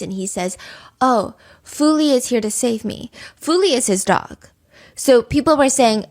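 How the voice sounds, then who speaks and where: A woman hosting a true crime podcast, chatting casually and animatedly, piling up speculative rhetorical questions. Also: medium pitch. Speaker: podcast host.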